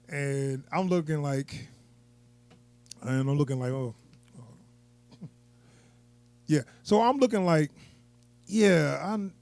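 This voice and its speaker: A man's voice: fairly high pitch, darkish tone. A man giving a casual, unscripted movie review, rambling and chuckling as he goes.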